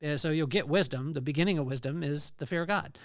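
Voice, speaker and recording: A man's voice: a little high, quick pace, a bit bright, no echo, clean studio sound. A man hosting a podcast, giving a conversational devotional talk on scripture with many fillers and restarts. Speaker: podcast host.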